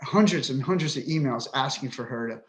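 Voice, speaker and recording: A man's voice: mid-range voice, fairly quick. A man in his fifties, a podcast guest, talking with frustration and swearing bluntly as he vents. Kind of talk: emotional interview talk.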